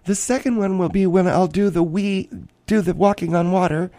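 A man's voice: high voice, fairly even intonation, moderate pace, warm tone, dry recording, natural voice. A man voicing a gushing, self-absorbed woman host. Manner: theatrical, rambling, gushing, self-important. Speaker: podcast host. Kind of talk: comic character monologue.

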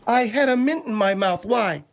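A man's voice: very high voice, lively intonation, normal speed, gravelly, muffled recording, pitched above the performer's own voice, full character voice. A man voicing a fussy, easily offended woman guest in a comedy radio bit. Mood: indignant.

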